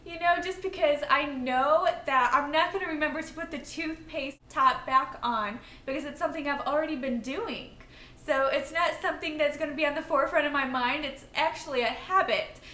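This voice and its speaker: A woman's voice: high voice, moderate pace, pushed and bright, reverberant. A woman sharing a casual Christian testimony about her marriage, telling her side candidly and plainly. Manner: candid, plain-spoken storytelling.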